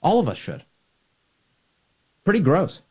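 Husky, animated male commentator. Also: fairly high pitch, measured pace. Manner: emphatic, sarcastic, combative. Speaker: political commentator. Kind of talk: opinion commentary monologue.

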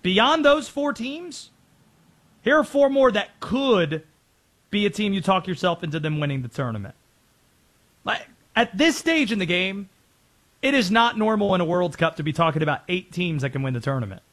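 High-voiced energetic sports host. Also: male voice. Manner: energetic, rapid-fire, opinionated. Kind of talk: sports commentary.

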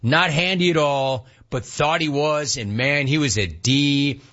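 A man in his forties from Southern California hosting a casual sports talk show, an animated, rambling storyteller who reads from the live chat. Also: fairly high pitch, unhurried, muffled recording.

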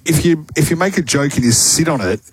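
Jokey radio co-host man, lively pitch. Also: quick pace, slightly rough. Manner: jokey, teasing. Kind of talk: casual radio banter.

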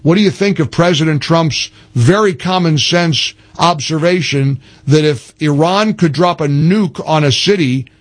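Older male radio host, talk radio, emphatic delivery, slightly high voice, frequent restarts. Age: 60s. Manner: emphatic, spells things out slowly, frequent restarts.

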